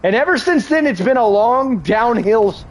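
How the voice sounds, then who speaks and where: A man's voice: very high voice, lively intonation, normal speed, poor audio. A young man in casual chat while streaming a game, rambling, crude and laughing often. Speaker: gaming streamer.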